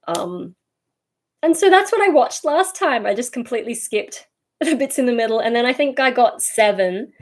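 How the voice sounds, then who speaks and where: A woman's voice: a little high, expressive, normal speed. A young Australian woman chatting casually on a livestream, rambling and easily sidetracked as she reads and answers viewer comments.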